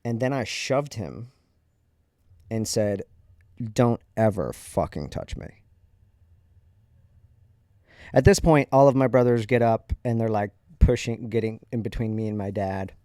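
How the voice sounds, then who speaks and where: A man's voice: on the low side, steady tone, moderate pace, mellow, no room sound, clean studio sound. A man in his thirties, a podcast host, candidly and reflectively telling a personal story in a conversational way.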